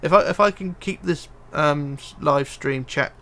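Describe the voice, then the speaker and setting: With a fairly high, bright, forceful voice at a moderate pace, a livestreamer builds while reading viewer comments aloud. He mutters to himself in between, hesitating with fillers.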